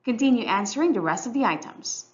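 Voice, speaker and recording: A woman teacher giving a clear, measured, scripted English lesson narration. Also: fairly high pitch, animated, lo-fi sound. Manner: clear, instructional, measured delivery.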